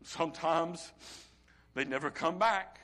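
A middle-aged man preaching with a bright, forceful voice that sits a little high for a man. He drops to a near hush, then builds to ringing intensity, drawing out key phrases slowly for weight. A pastor in full sermon flow. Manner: impassioned preaching that swings from hushed to loud; slow, drawn-out emphasis on key phrases.

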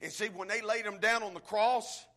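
A male preacher delivering a sermon, swinging from hushed tones to shouting build-ups and speaking straight to the congregation. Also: sits high, fairly even intonation, normal speed. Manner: addresses the congregation directly.

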